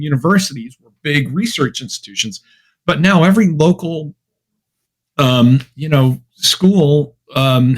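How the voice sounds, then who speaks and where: A man from Massachusetts, an academic guest on a podcast, talking in a chatty, wry, anecdotal way. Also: a little high. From Massachusetts, USA. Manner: chatty, anecdotal, wry, with many fillers and restarts. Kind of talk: podcast interview conversation.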